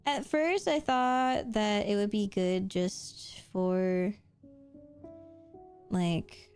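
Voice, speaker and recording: A woman streamer draws while chatting casually with her viewers, answering chat, giggling often and swearing offhandedly. Her mid-range, darkish voice moves very slowly over faint background music.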